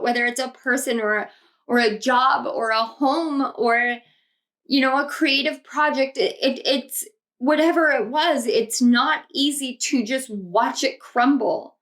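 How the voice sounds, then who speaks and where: A woman's voice: sits high, a bit bright. A young adult woman giving an intuitive tarot reading to camera, earnest and reflective, often repeating her phrases. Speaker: tarot reader.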